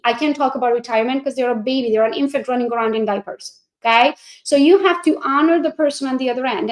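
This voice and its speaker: A high-pitched woman coaching real estate agents, talking fast and nonstop. She acts out sales calls in a bubbly voice. The sound is roomy and echoey. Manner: fast, animated, talks a lot. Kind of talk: coaching presentation.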